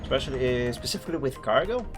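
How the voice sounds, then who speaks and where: A man's voice: medium pitch, expressive, racing. Rambling male streamer over music. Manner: rambling, self-correcting, chuckling. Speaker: game streamer. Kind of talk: casual gameplay commentary. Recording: music playing under the voice.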